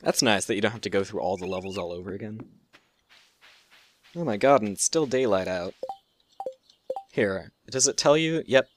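A young man giving jokey, profane gameplay commentary, excitable and prone to squeaky outbursts. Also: normal speed, pauses often, slight background noise. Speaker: let's play host.

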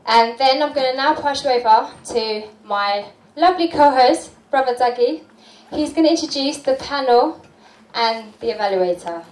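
A woman's voice: sits high, expressive, moderate pace. A woman hosting a community speaking event, explaining the program and encouraging the audience. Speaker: host. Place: community hall. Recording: echoey hall, distant mic.

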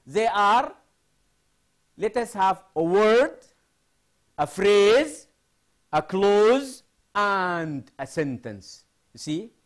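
A man's voice: high-pitched, very animated, extremely slow, long pauses. A male university lecturer from Sudan giving a recorded lesson. He asks his own questions, answers them himself and repeats the key phrases.

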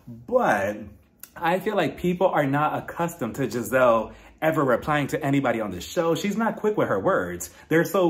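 A man giving a blunt, opinionated casual recap of a reality TV episode, talking straight to his viewers. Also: medium pitch. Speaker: reality TV reviewer.

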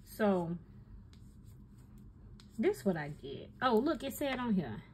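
A woman filming a casual stationery haul at her desk at home, talking straight to her viewers with animated exclamations. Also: fairly high pitch, slow pace, a little hiss or hum. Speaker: stationery vlogger. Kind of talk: casual chatty haul video.

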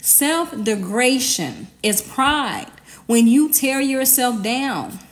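Woman preaching casual-style, kinda high voice, hammers points over and over. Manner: emphatic, repetitive, conversational with slang. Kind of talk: informal sermon.

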